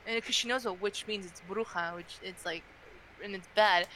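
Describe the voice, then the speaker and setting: A young adult woman chatting casually on a podcast, telling a story in a chatty, animated way with many fillers. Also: medium pitch, moderate pace, slight background noise, rough recording.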